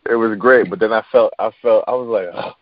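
A man's voice: lowish voice, steady tone, quick pace, no room sound, highs cut off. Rambling man in casual podcast banter. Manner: rambling, lots of fillers and restarts, laughs easily. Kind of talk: casual chat.

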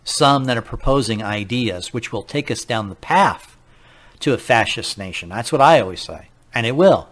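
A man hosting a political talk radio show, speaking in an animated, incredulous way, firing off rhetorical questions and now and then laughing at his own slips. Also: mid-range voice, moderate pace.

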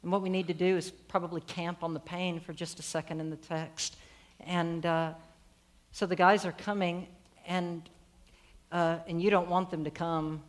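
A woman's voice: lowish voice, normal speed. A woman preaching a sermon, retelling a story in a conversational way and putting questions to her listeners. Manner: animated, conversational, asks the audience questions.

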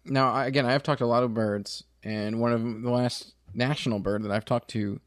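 A man's voice: mid-range voice, steady tone, brisk, no room sound, clean studio sound. A man interviewing a bird character in an improvised comedy bit, asking earnest questions with hesitant restarts.

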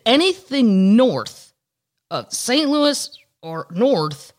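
Chatty Missouri woman with lively voice. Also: fairly high pitch, extremely slow. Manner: chatty, joking, reads news aloud. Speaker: podcast host. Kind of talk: casual podcast chat.

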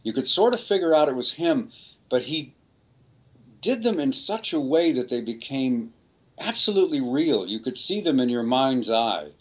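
Older guy, voice actor, rambly and self-deprecating, chatting in an interview, mid-pitched voice. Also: big pitch swings, moderate pace. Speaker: voice actor guest. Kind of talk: casual interview storytelling.

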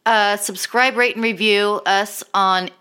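A woman's voice: medium pitch, fairly even intonation, takes it slowly, sharp tone, smooth. A woman co-hosting a podcast, chatting casually and joking, who closes the episode. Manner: joking, wraps up the show. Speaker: podcast co-host. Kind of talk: casual chat recap.

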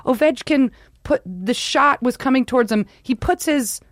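A woman from New York co-hosting a podcast, chatting about sports in an excitable, rambling way that keeps breaking off mid-thought. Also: high voice, moderate pace, dry recording, clean studio sound. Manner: rambling, excitable, self-interrupting. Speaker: podcast co-host. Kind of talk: casual sports chat.

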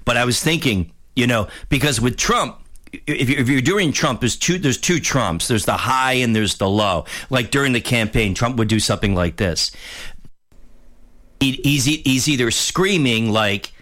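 Male host, casual chat, halting restarts, middle pitch. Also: lively intonation, a bit bright. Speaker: show host.

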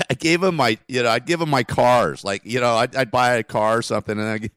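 A man's voice: mid-range voice, fairly quick, fairly bright tone, no room sound, clean studio sound. A grieving middle-aged man telling stories in casual conversation, rambling with frequent restarts and short laughs.

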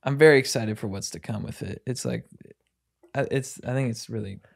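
A man's voice: mid-range voice, a little fast, creaky. A man chatting on a casual podcast, enthusiastic and rambling, often restarting sentences.

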